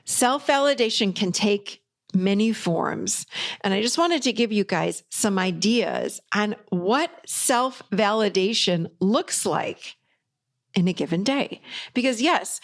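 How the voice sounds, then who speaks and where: This is a middle-aged woman, a life coach and podcast host, speaking with a medium-pitched voice. She gives an emphatic, upbeat pep talk meant to encourage her listeners.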